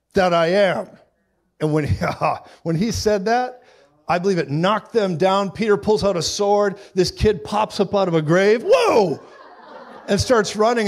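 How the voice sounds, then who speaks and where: Preacher, man, middle-aged, lively sermon delivery, slightly high-pitched. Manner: animated storytelling, acts out voices with loud sound effects.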